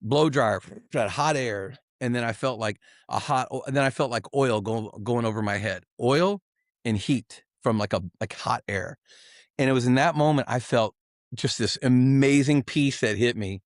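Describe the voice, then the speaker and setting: A man's voice: mid-range voice, normal speed, no room sound, studio quality. A man guest on a podcast giving an emotional, earnest personal testimony, often restarting and repeating himself.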